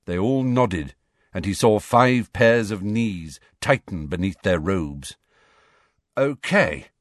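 A man narrating a fantasy novel chapter with an expressive, dramatic reading. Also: low-pitched, slow pace, no room sound, clean studio sound. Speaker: audiobook narrator. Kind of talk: scripted storybook narration.

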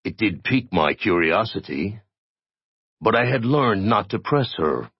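A man's voice: on the low side, lively intonation, measured pace, slightly rough, no room sound, highs cut off, voice pushed up, exaggerated voice. Man doing a weary formal joker leader. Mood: measured. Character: weary, refined, calculating male joker leader.

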